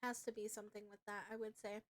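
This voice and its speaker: A young woman streaming live, reacting excitably with swearing and loud outbursts. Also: medium pitch, fast talker.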